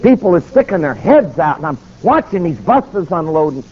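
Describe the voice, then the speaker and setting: A man's voice: fairly high pitch, big pitch swings. A man preaching through a story, dramatic and acting out each exchange with sudden shifts of voice. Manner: dramatic, acts out dialogue with quick voice shifts. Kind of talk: animated sermon storytelling. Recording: dull, slightly lo-fi with faint noise.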